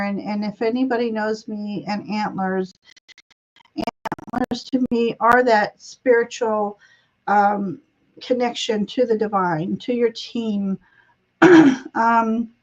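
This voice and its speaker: A woman gives a live tarot reading on a stream, speaking slowly in a slightly raised voice. She chats, giggles and wanders from thought to thought. The sound comes through a slightly muffled, lo-fi video call. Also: fairly high pitch. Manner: chatty, giggly, meandering. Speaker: tarot reader and show host.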